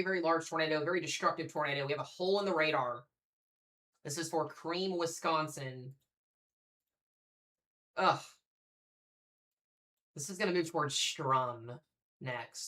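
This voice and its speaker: A man's voice: fairly high pitch, fairly even intonation, normal speed, long pauses, sharp tone. A young man hosting a live severe weather stream, talking casually and thinking aloud as he reads the radar and calls out to viewers. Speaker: severe weather livestream host. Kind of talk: live weather coverage commentary.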